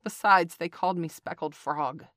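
Huge male python, slow and deliberate, with a low menace, as a woman voices him; a storybook reading. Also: a bit bright, dry recording, clean studio sound, lightly acted. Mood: sullen.

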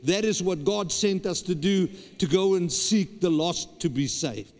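High-voiced preacher in a hall. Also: male voice, unhurried, darkish tone. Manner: emphatic, repetitive preaching with stammered restarts. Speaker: pastor. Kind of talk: sermon. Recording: long hall reverb.

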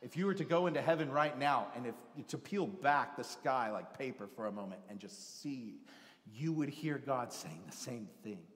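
A male pastor preaching a sermon, animated, acting out biblical voices and swinging from loud to hushed. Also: mid-range voice, moderate pace. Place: church sanctuary. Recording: long church hall reverb.

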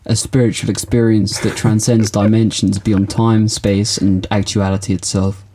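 A man's voice: on the low side, level tone, moderate pace, warm tone. A man co-hosting a casual podcast, talking in a laid-back, slangy way with filler words. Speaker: podcast co-host.

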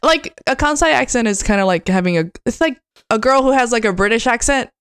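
A woman's voice: on the high side, lively intonation, brisk, a bit bright, clear, resonant tone. A woman co-hosting a podcast, reacting in casual, blunt chat and swearing freely. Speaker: podcast co-host.

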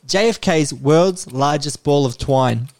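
A man's voice: a little high, slow pace, a little mellow. A man hosting a podcast, quizzing his co-host in a playful, casual way and calling him mate. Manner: playful, swearing, uses "mate". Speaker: podcast host running a quiz. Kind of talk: casual chat.

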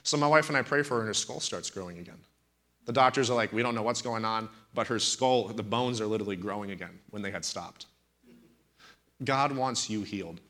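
Bright-voiced preaching man. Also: on the low side, a little fast. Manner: animated storytelling, emphatic and indignant. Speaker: pastor. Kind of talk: preaching on a talk show.

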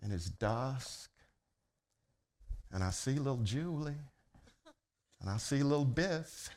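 Slow-talking pastor telling a story. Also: male voice, slight background noise. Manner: builds from low, slow storytelling to loud, excited shouting; humorous, conversational preaching with the congregation. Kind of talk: storytelling sermon. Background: congregation laughter.

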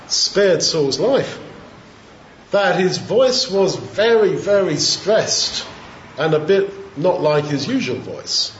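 A man giving an informal, reflective Bible teaching in a conversational way, pausing with fillers as he thinks. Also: fairly high pitch, a little hiss or hum. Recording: roomy, dull lo-fi sound.

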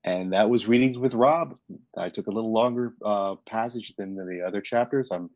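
A man hosting a podcast, chatting casually and haltingly with fillers. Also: fairly low pitch, darkish tone. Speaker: podcast host. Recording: dry, dull lo-fi sound.

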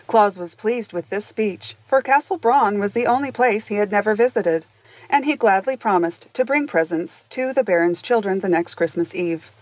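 A woman reads a classic children's storybook aloud as its narrator. She tells the tale gently and often speaks straight to the listener. Her pitch is an ordinary middle, and the recording is close and very dry. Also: normal speed, no echo. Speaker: audiobook narrator.

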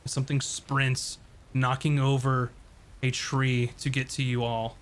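A man's voice: mid-range voice, flat delivery, a little slow. A man running a tabletop game as game master, narrating the action in a loose, casual way with many fillers.

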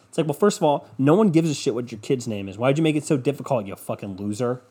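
A man's voice: mid-range voice, expressive, fast talker, mellow, slightly rough. A young man hosting a casual solo podcast, rambling and self-deprecating, with frequent swearing. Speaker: podcast host.

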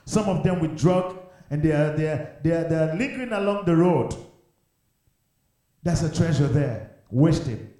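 A man's voice: a little high, dark tone. Fervent male pastor in an echoey church. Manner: fervent, repetitive preaching with rhetorical questions. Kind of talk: sermon. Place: empty church.

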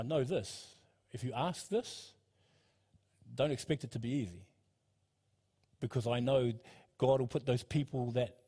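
A man's voice: medium pitch, slightly rough. A man in his fifties preaching a sermon as a pastor, earnest and conversational, with asides to the congregation and frequent repetitions. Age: 50s. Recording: long hall reverb.

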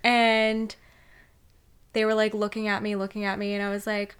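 A woman's voice: medium pitch, monotone, normal speed, fairly bright tone, clean tone. A young woman in her twenties hosts a podcast and tells a story from her work in a loose, chatty way. She sprinkles "like" through almost every sentence and keeps the tone conversational. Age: 20s. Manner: chatty, filler-heavy with frequent "like". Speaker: podcast host; healthcare worker. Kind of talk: casual storytelling.

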